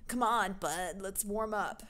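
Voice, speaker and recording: A woman's voice: medium pitch, measured pace, a bit bright, natural voice. A woman voicing a laid-back young male surfer bro gym buddy, reading game dialogue with easygoing surfer slang.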